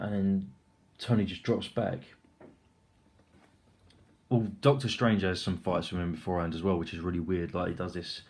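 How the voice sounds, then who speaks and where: A young man giving a casual, rambling film review, excitable and full of swearing and filler words. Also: low voice.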